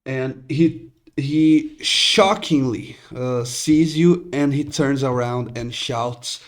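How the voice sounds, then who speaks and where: A man narrating as game master in a tabletop game, unhurried and pausing with fillers. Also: mid-range voice, fairly even intonation.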